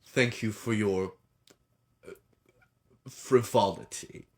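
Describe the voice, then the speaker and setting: A man's voice: fairly low pitch, fairly even intonation, slow. A man voicing a cheeky, twig-thin servant who speaks with fussy, genteel politeness.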